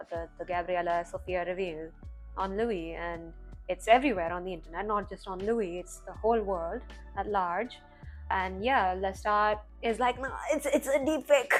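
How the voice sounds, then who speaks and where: A woman hosting a TV reaction video, recapping an episode in casual, chatty commentary full of "like" and "you know". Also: mid-range voice. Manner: chatty, heavy on "like" and "you know", animated retelling. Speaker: TV reaction channel host.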